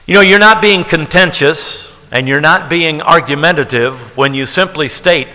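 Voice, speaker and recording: Bright-voiced preacher in an echoey hall. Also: male voice, fairly high pitch, normal speed. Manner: conversational preaching, repeating phrases for emphasis. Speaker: pastor. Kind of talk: sermon.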